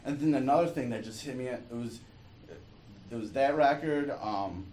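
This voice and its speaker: Man, from Detroit, laid-back and halting, roomy echo, faint hiss. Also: mid-range voice, darkish tone. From Detroit, USA. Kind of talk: casual chat.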